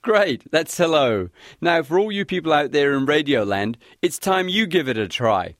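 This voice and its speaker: A man hosting a scripted language lesson, guiding listeners clearly and encouragingly. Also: a little high, sing-song, moderate pace, a bit bright, no echo, clean studio sound. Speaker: language teacher host.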